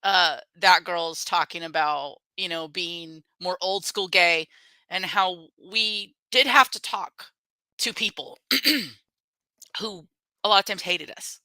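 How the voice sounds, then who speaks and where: A woman's voice: fairly low pitch, takes it slowly, sharp tone, dry recording, low-quality recording. A woman guest in a casual conversation, who speaks candidly and bluntly and laughs readily.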